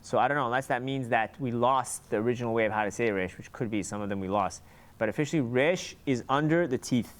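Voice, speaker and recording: A man giving an informal lesson on Hebrew letter sounds, sounding them out slowly and often restarting his sentences. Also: mid-range voice. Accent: Sephardic Hebrew pronunciation. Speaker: Hebrew reading teacher.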